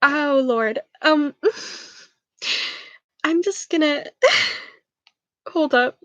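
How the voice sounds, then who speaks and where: A woman's voice: high voice, very slow, bright, forceful tone, no echo. A young woman reading a novel aloud for a book club, stumbling over words and making casual remarks about her reading.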